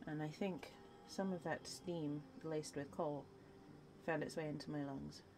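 Low-voiced tired woman chatting to viewers. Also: steady tone, unhurried, noisy background. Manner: reads out chat and answers with encouragement. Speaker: livestreamer. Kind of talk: casual chat with viewers while painting.

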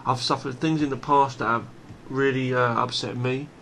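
Male monologue, forceful and unpolished, restarts sentences, average pitch. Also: steady tone, normal speed, a little hiss or hum. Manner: blunt, emphatic, swears freely; repeats and restarts phrases. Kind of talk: unscripted monologue.

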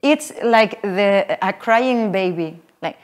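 A woman teaching a voice workshop to a live group, explaining in a halting way with many fillers. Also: mid-range voice. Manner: halting, filler-heavy explaining, with frequent laughs. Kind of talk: live teaching talk with sung demonstrations. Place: workshop room with an audience.

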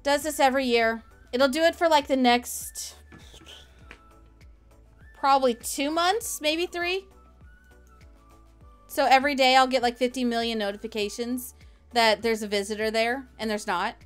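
A woman live streamer talks casually from her home as she plays a game. She rambles along in a high, smooth voice while answering her viewers' messages. Faint background music runs under her talk. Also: measured pace, pauses often.

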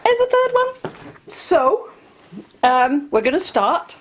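A woman's voice: high voice, very animated, takes it slowly, a bit bright, slight background noise. An English woman hosting a casual, giggly chat with a friend on video. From England. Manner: giggly, laughs often. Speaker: host.

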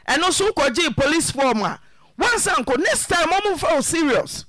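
A Ghanaian woman hosting a radio advice show, questioning a caller in an emphatic, scolding way that sometimes turns to shouting. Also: sits high, very animated, moderate pace, dry recording. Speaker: radio counsellor host.

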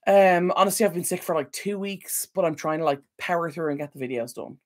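Woman, livestream host, rambly, apologetic, slightly low voice, desk mic at home. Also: brisk. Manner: rambling, apologetic, easily sidetracked. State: recovering from illness. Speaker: decluttering channel host. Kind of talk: casual livestream Q&A chat. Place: home room at a computer. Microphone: desk microphone.

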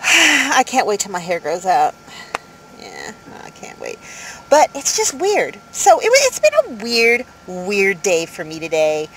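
A woman in her fifties telling a story to camera in a casual vlog, rambling and animated, with many fillers, from inside her van. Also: mid-range voice, a little slow, a little hiss or hum, poor audio. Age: 50s. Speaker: vlogger.

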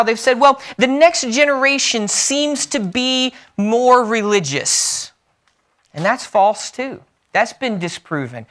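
In a church sanctuary, a pastor opens with prayer and then preaches a sermon, blending self-deprecating jokes with earnest, emphatic points. His voice is high and bright, with a forceful tone.

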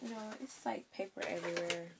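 A woman chats through a craft tutorial at home. She talks straight to her viewers and keeps grumbling at her machine. Clicks and a steady noise sit clearly behind her voice. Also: fairly low pitch, a little fast. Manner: chatty, frustrated, talks to viewers as y'all. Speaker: vlogger. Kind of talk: casual craft tutorial chat.

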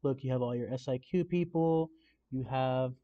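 A man's voice: mid-range voice, moderate pace, muffled recording. A man casually chatting in a reaction vlog, emotional and full of fillers. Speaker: YouTuber reacting to a Navy boot camp video.

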